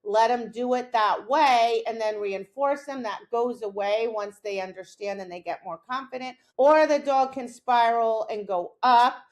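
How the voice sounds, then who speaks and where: A fairly high-voiced, middle-aged woman talks through dog training in a relaxed podcast chat. She is animated and keeps slipping into little acted lines for herself and her dog. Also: measured pace, hardly any pauses. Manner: animated, acts out her own lines and her dog's reactions. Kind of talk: casual instructional chat.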